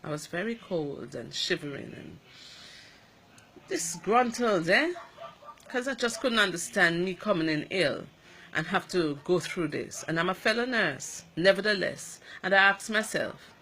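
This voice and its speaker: Woman, Antiguan accent, nurse, emotional personal account, emphatic, bright voice. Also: fairly low pitch, a little slow. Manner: animated, emphatic, acts out the dialogue.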